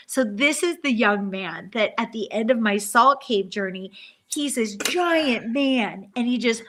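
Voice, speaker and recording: A woman's voice: a little high, expressive, a little slow, fairly bright tone. A middle-aged woman telling a long personal story on a live stream, earnest and rambling with many restarts. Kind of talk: casual storytelling.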